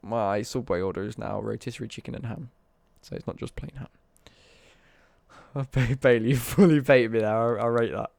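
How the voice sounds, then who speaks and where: A man's voice: on the low side, brisk, creaky, a little mellow, no echo. A young British man ranting on a casual live stream, sweary and worked up.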